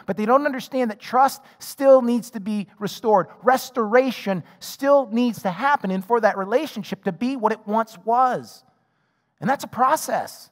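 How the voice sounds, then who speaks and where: A man's voice: extremely high pitch, moderate pace, a bit bright. A man preaching a sermon as pastor, talking conversationally and acting out both sides of the conversations in his stories. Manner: acts out both sides of dialogues in his illustrations; conversational, with frequent repeated words and restarts. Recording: long reverb of a large hall.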